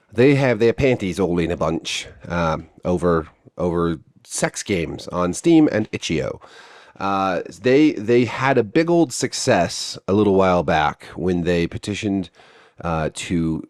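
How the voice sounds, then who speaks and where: A man's voice: low voice, a little mellow. A man giving blunt, profane, sarcastic commentary on video games.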